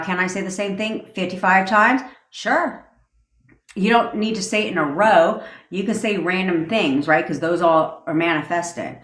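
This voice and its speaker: Blunt, swearing woman in an echoey room. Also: on the low side. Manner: blunt, profane, animated, acts out sassy examples. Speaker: manifestation coach. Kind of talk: livestream rant.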